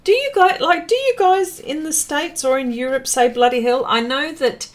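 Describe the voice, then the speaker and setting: With a high voice at a moderate pace, an Australian woman runs a livestream where she paints, chats casually and reads viewer comments out loud, using lots of fillers.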